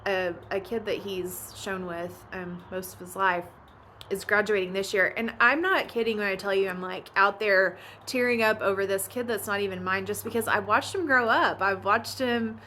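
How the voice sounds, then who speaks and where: A woman's voice: mid-range voice, normal speed, bright, forceful tone, a little hiss or hum. A woman, chatting casually about family life and laughing often. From Oklahoma. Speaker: vlogger and ranch mom. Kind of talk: casual chat.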